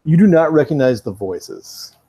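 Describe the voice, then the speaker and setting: A man's voice: fairly high pitch, expressive, normal speed, dark tone, husky. A man narrating as game master in a tabletop role-playing game, dry and teasing.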